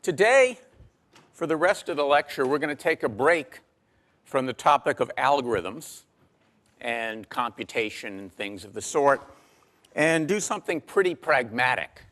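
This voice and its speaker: Male lecturer, mid-pitched, dry wit, measured delivery with ums, lapel mic in a lecture hall. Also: lively intonation, a bit bright. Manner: dry humor, measured, frequent ums and uhs. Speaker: university lecturer. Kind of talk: classroom lecture.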